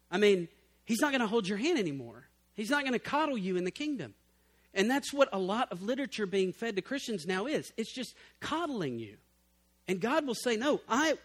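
A man preaching a sermon as pastor, swinging from loud emphatic bursts to low, quiet passages.

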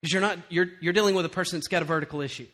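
A middle-aged male pastor preaching a sermon, telling animated stories and acting out quoted lines, then turning quiet and earnest. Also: sits high, rapid-fire.

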